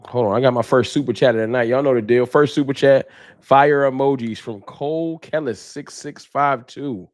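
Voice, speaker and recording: A man's voice: medium pitch, moderate pace. A man hosting a fan livestream, casually greeting viewers by name in laid-back slang.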